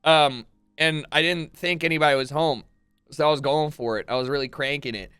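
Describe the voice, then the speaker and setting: Young male streamer, excitable comic storyteller, slightly high voice, dry close sound. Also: fairly quick, smooth, no echo, soft background music. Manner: swearing, excitable, acts out quotes. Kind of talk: animated comedic storytelling.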